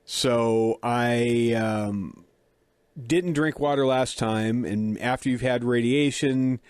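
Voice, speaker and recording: A man's voice: mid-range voice, slow, a little mellow, clean tone, dry recording. A middle-aged man with a dry mouth, casually telling a self-deprecating story and acting out the dialogue.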